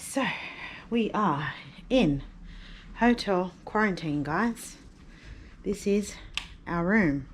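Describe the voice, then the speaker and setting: Low-voiced woman vlogging chattily. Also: slight background noise. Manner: chatty, venting, loose with many fillers. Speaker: vlogger and mother. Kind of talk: casual vlog chat to camera. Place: hotel quarantine room.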